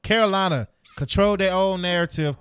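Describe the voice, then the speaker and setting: A man's voice: sits high, brisk, fairly bright tone, smooth, no room sound, soft background music. A man hosting a sports podcast, ranting heatedly in casual slang. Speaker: podcast host.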